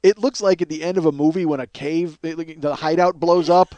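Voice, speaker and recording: A man's voice: on the high side, fairly quick, dull audio. A middle-aged man hosting a podcast, telling a long story in a loose, profane way and acting out the voices of the people in it. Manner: animated, profane, acts out quotes. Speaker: podcast host. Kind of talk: storytelling monologue.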